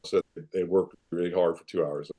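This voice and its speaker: A man in his fifties, a podcast guest, recounts old football stories in a mellow, warm voice that sits a little low. He tells them in an animated, self-deprecating way. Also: moderate pace. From Iowa, United States. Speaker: interview guest, former football player and coach. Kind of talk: casual storytelling in a podcast interview.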